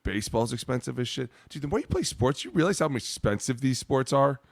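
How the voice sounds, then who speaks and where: A man's voice: mid-range voice, a little fast, vocal fry, no room sound, studio quality. A man co-hosting a podcast, telling stories in casual chat, swearing freely and acting out both sides of the conversation. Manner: profane, animated storyteller acting out both sides. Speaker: podcast co-host, former pro football player. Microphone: studio microphone.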